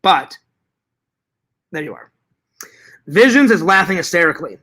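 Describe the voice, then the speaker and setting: A man's voice: high-pitched, sing-song, a little slow, pushed and bright, slightly rough. A man hosting a casual livestream chat, reading viewer comments aloud and rambling, repeating himself and swearing freely.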